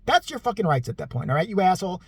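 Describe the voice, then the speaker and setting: Profane, sarcastic vlogger with a husky voice. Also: mid-range voice, big pitch swings, very fast. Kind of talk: ranting commentary.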